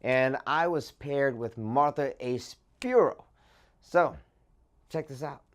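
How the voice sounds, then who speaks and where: A man hosting a show, introducing clips in a halting, casual way with many fillers. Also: mid-range voice. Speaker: show host and producer.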